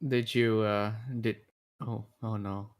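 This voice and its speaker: A man's voice: fairly low pitch, flat delivery, takes it slowly, smooth, no room sound, studio quality. Hesitant man chatting at a game table. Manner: hesitant, many fillers. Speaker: player. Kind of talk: casual tabletop game chat.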